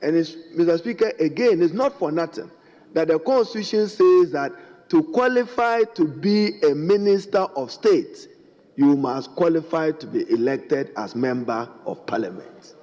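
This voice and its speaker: A middle-aged man with a Ghanaian accent holds the floor in a formal parliamentary debate, his voice fairly high yet mellow and warm. He argues emphatically, turning to the Speaker again and again. The speech rings with the long echo of a large chamber, heard through a dull, lo-fi broadcast feed. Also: expressive, normal speed. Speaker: member of parliament.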